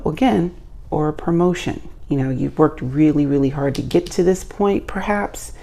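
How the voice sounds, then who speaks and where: A woman's voice: deep voice, gravelly, mellow. A woman hosting her own channel, giving a casual tarot reading in a playful, chatty way with self-joking asides. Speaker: tarot reader and channel host.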